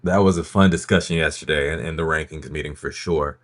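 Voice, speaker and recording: A man's voice: a bass voice, fairly even intonation, a little fast, fairly bright tone. A man hosting a casual podcast, talking loosely with lots of ums and restarts as he leads a rankings reveal.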